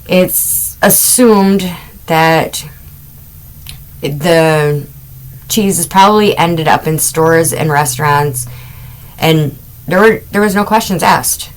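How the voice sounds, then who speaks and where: A woman's voice: lowish voice, rough recording. A middle-aged woman hosting a casual crime podcast, telling stories with chatty asides and amused laughs. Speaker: podcast host.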